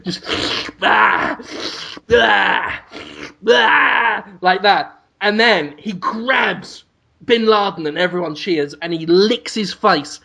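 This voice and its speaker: A man's voice: high voice, measured pace, bright, forceful tone. A man co-hosting a comedy podcast, rambling through an absurd made-up story and laughing at his own jokes. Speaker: podcast co-host.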